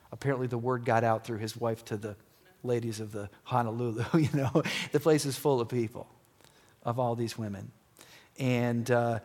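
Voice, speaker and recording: A man preaching a sermon in church, retelling a story in an animated way that swings between loud and hushed. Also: medium pitch.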